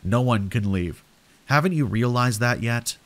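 A creepy stranger from a late-night horror story, voiced by a man. He snickers and giggles, closes in too near, and grows pushy and frantic. His voice sits at an ordinary male pitch. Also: expressive, moderate pace, fairly bright tone, close to an everyday voice. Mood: ominous. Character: creepy, unhinged middle-aged male stranger.

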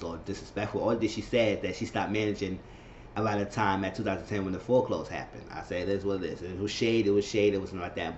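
A man giving a casual TV episode recap, telling it with excitable energy and slipping into quoted voices. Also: low voice, reverberant, highs cut off, slight background noise. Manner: excitable storytelling, repeating phrases, jumping into quoted voices. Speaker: TV recap vlogger.

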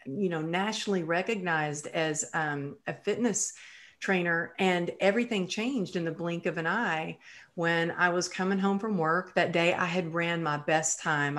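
A woman's voice: fairly low pitch, fairly bright tone. A middle-aged woman, a guest on an interview podcast, telling her life story vividly and acting out the lines she quotes.

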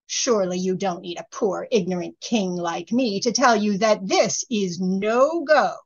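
A woman's voice: medium pitch, unhurried. A woman reading the lines of a fairy-tale king, who talks firmly and lectures the fairies, on a slightly muffled recording. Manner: lecturing, firm. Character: firm, reasonable fairy-tale king, middle-aged man.

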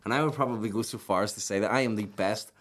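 A man's voice: fairly low pitch, quick pace. A man from Northern Ireland, a podcast guest, joking and boasting in casual chat with swearing.

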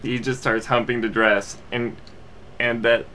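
Bright-voiced young man rambling a review. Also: mid-range voice, little pitch movement, a little slow, a little hiss or hum. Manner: rambling, full of fillers and restarts. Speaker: amateur movie reviewer. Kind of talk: casual movie review.

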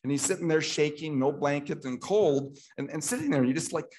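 A man's voice: on the high side, brisk, few pauses, a little mellow, a little hiss or hum. A middle-aged Canadian man giving an impassioned talk at a political meeting, repeating himself and restarting often as he grows emotional.

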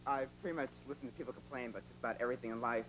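A man's voice: mid-range voice, rapid-fire, a bit bright, slight background noise, rough recording. A young man, a game-show contestant, giving brief, offhand answers. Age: young adult.

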